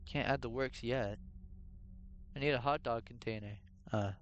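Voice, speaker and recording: A man's voice: mid-range voice, moderate pace, lo-fi sound, slight background noise. Goofy man clowning as a hot-dog clerk. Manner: goofy, plays along as a shop clerk. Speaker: gaming streamer. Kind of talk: joking gameplay commentary.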